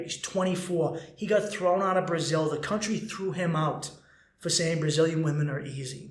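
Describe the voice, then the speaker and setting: A man in his thirties hosting a podcast, talking in a blunt, animated, casual way and swearing freely. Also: sits high. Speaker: podcast host. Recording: roomy echo.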